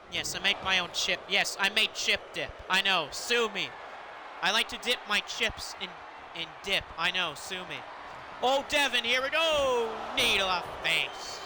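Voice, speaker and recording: A man casually commentating a wrestling video game, excitable and chatty, laughing often. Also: sits high, normal speed, a crowd in the background, noisy background. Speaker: gaming commentator. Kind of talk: casual let's-play commentary.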